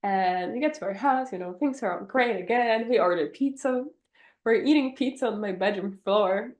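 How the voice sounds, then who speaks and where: A young woman recounts a dating story for her podcast, building it up with dramatic pauses. Her voice sits in a middle pitch. The room around her has a roomy echo. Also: a little mellow. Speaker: podcast co-host. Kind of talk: casual chat, storytelling.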